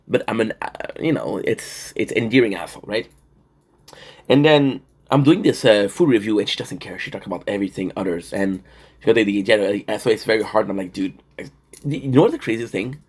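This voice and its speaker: Young male streamer, lowish voice, swears a lot, rambles through animated stories with fillers. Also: brisk, husky. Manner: profane, animated storytelling with frequent fillers. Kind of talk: casual rambling vlog talk.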